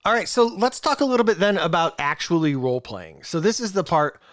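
A man's voice: high-pitched, very animated, a little fast, fairly bright tone, no room sound, clean studio sound. A man hosting a podcast in casual chat, asking questions and steering the talk. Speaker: podcast host.

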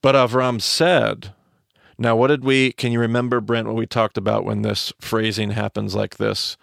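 A man teaching the Bible on a podcast, his voice heavily gravelly and fairly low. He explains with restarts and fillers and speeds up in asides. It is recorded dry and close on a studio mic. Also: completely flat delivery, moderate pace, no room sound.

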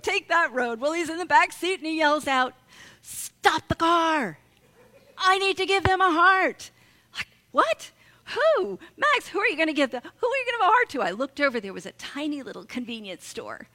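Slow, heartfelt mother telling a story. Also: fairly high pitch, fairly bright tone, in a large hall. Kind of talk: reflective personal testimony.

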